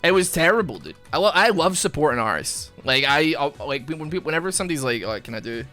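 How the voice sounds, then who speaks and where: Lively, bright-voiced rambling gamer guy. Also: a little high, quick pace, soft background music. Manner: rambling storyteller, many fillers; animated, bursts of laughter. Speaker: gaming YouTuber. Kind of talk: casual chat over gameplay.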